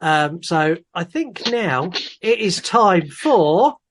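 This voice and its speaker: A man's voice: high voice, big pitch swings, slow, fairly bright tone. A man co-hosting a casual movie podcast, joking and rambling a bit. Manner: jokey, rambling, self-deprecating. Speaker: podcast co-host.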